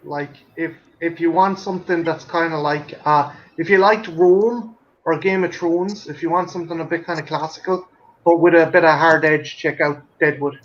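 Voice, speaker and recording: A man's voice: on the high side, steady tone, moderate pace, dull audio. A man on a casual podcast chat, telling stories in an enthusiastic way and swearing freely.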